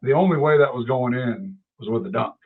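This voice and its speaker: A man's voice: medium pitch, fairly quick. A man co-hosting a sports podcast, chatting casually and rambling through stories with restarts. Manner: rambling, self-correcting storyteller. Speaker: podcast co-host. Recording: tinny phone-like sound.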